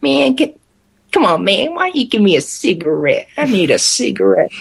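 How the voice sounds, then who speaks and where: A man voicing a scrawny old man with a thin, high-pitched, begging voice. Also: very animated, normal speed, gravelly, husky, full character voice. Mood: pleading.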